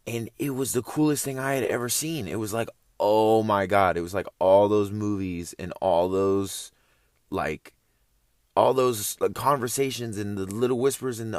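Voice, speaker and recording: Chill young guy rambling through a story, lowish voice, dry close sound. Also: moderate pace, no room sound. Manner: laid-back slangy, loose and rambling. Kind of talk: casual storytelling to camera.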